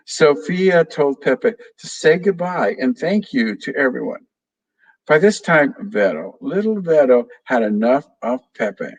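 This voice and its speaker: Man reading a picture book aloud to kids, slow and expressive, mid-range pitch. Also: rough recording. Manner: slow, expressive, addresses children. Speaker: guest reader, children's author. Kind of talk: children's storybook read-aloud.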